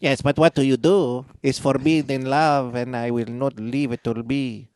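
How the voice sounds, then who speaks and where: A man playing a dim, dairy-obsessed foreign brother, speaking broken English in an excitable, squealing way. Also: medium pitch, moderate pace, clean tone, no room sound, close to an everyday voice. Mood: brooding. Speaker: comedy bit performer.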